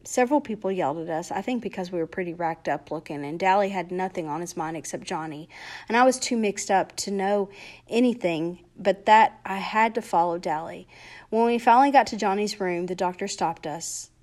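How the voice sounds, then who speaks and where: A woman reading a novel aloud chapter by chapter, with plain, steady narration. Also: mid-range voice, fairly quick. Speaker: reader.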